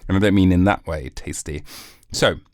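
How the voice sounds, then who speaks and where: A man's voice: deep voice, normal speed, a little mellow, no room sound, studio quality. A male podcast host chatting casually, rambling with laughs and swearing. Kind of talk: casual comic chat.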